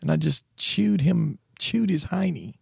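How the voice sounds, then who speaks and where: A man's voice: fairly high pitch, unhurried, gravelly, slightly rough, dry recording, clean studio sound. A man co-hosting a podcast, telling stories in a wry, self-mocking way. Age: 40s. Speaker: podcast co-host. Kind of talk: casual chat.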